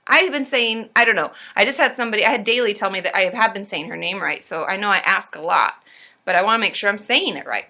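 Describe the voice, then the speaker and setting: A woman hosting a live stream as a therapist, chatting casually and getting loud and excitable as she cheers. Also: medium pitch, fast.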